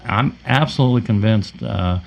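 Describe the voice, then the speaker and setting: A man co-hosting a paranormal podcast, telling a personal story in a halting way with many fillers and restarts. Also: on the low side, creaky. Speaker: podcast co-host. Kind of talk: casual storytelling.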